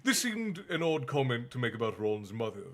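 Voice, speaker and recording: A man reading a bedtime story aloud on a stream and chatting with viewers in a relaxed, chatty manner. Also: medium pitch, normal speed. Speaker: stream host and reader. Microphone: streaming mic.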